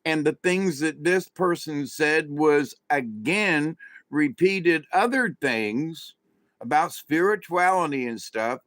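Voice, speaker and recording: A man's voice: a little high, animated, takes it slowly, a bit bright, no echo. A man hosting his own spiritual channel, telling a story in a loose, rambling way with restarts and asides to his viewers. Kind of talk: casual storytelling monologue.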